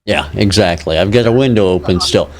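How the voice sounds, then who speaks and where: A man's voice: sits low, a little fast. A man from Illinois co-hosting a live show, chatting in a laid-back, joking way. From Illinois, United States. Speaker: co-host. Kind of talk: casual live show chat.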